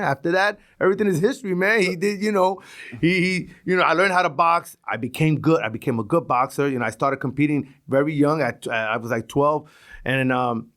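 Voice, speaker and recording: A middle-aged man from Brooklyn with a New York accent, telling stories as a podcast guest, animated and full of restarts. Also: a little high. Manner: animated, restarts a lot, acts out quotes. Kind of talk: casual storytelling interview.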